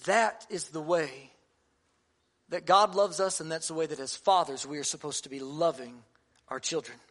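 A man's voice: a little high, moderate pace, a bit bright. A man in his thirties, a pastor giving a sermon to fathers, earnest and conversational with touches of humor.

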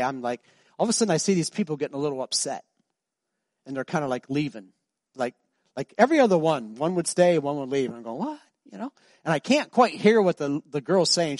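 Pastor preaching a sermon. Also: male voice, fairly high pitch, dry recording, studio quality. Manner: storytelling, builds to loud emphatic preaching.

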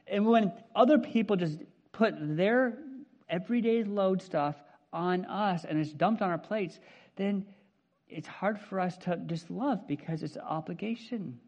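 Chatty high-voiced male pastor, lo-fi. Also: unhurried, a little mellow. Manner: chatty, asks the congregation questions, many fillers. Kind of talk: casual conversational sermon. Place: church hall with congregation.

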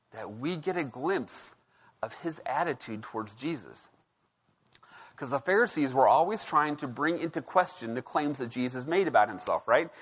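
Male pastor, conversational sermon delivery, a bit high, muffled lo-fi recording. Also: fairly bright tone, slightly rough. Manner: conversational, storytelling, frequent "right?". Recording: dull lo-fi sound.

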